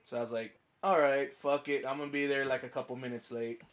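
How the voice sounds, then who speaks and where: A man's voice: mid-range voice, quick pace. Easygoing man telling a work story. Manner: relaxed, easygoing storytelling with swearing. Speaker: podcast co-host. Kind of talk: casual chat.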